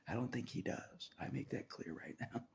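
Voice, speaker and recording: A man's voice: medium pitch, lively intonation, moderate pace, gravelly, a little mellow, slight background noise. A man talking on his own about faith, half-whispering and laughing often as he rambles in a restless, searching way. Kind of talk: rambling spiritual monologue.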